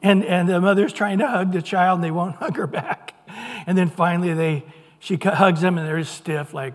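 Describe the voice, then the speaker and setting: High-voiced man preaching in a church. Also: steady tone, normal speed. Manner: earnest, conversational preaching with playful put-on voices. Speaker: pastor. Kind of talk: sermon. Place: church sanctuary. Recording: long hall reverb.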